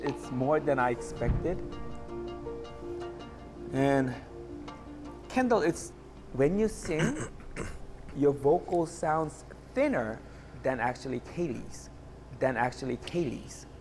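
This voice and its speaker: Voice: mid-range voice, animated, slow, long pauses. A vocal coach giving direct feedback to a trainee, repeating phrases for emphasis. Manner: repeats phrases, demonstrates notes. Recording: music playing behind.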